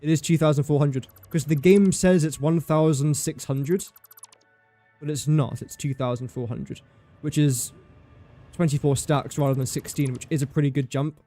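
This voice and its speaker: A man's voice: fairly high pitch, steady tone, moderate pace, mellow, faint music behind. Chatty man thinking aloud while gaming. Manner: thinks aloud, chatty, talks to the game and to chat. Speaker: game streamer. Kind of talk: live gameplay commentary.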